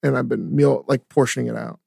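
Gravelly-voiced man in casual podcast chat. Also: mid-range voice, steady tone, mellow, dry recording, clean studio sound. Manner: rambling, profane, reads ad plugs quickly. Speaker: podcast co-host.

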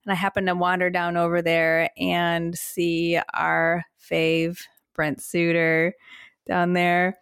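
A woman's voice: on the low side, completely flat delivery, slow, fairly bright tone, clear, resonant tone, dry recording, studio quality. A woman co-hosting a podcast, telling a story in a casual chat and often laughing. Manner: giggly storytelling, acts out quotes. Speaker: podcast co-host.

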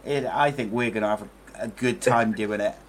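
A man's voice: lowish voice, steady tone, fairly quick, a little hiss or hum. A man hosting a casual football podcast, talking in a loose, rambling way with lots of fillers. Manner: chatty, rambling, many fillers. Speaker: podcast host. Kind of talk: casual chat.

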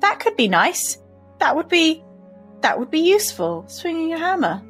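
A woman's voice: very high voice, very animated, moderate pace, a bit bright, faint music behind, heavily acted. A woman playing her tabletop character, speaking in a stammering, anxious, pleading way. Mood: hesitant. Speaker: player character Reth. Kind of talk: in-character tabletop role-play.

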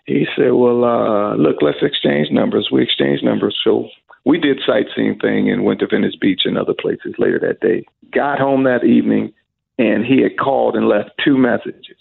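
Raspy gravelly guy telling a story in an interview, does all the voices, tinny phone sound. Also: mid-range voice, normal speed. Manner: animated storyteller acting out quoted dialogue. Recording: phone-like narrow band with faint music.

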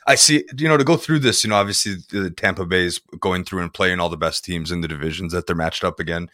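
A man's voice: low-pitched, quick pace, bright, forceful tone, no room sound, clean studio sound. A man co-hosting a sports betting podcast, talking casually and rambling with lots of fillers. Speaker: podcast co-host.

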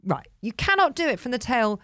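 Animated, giggly woman on a dry mic. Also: a little high, a little fast, no echo. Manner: animated, laughing, teasing questions. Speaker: podcast co-host. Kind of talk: casual chat.

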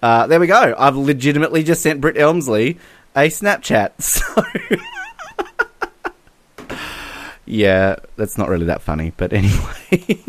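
A man's voice: mid-range voice, sing-song, unhurried, long pauses, slight background noise. A man co-hosting a podcast, chatting casually and acting out quotes with lots of laughs. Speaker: podcast co-host. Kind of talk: casual chat. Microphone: podcast mic.

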